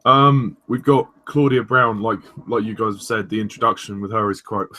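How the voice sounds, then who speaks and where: A young man hosting a casual review chat, rambling with many pauses and restarts. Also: on the low side, fairly even intonation, sharp tone. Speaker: host of a review discussion.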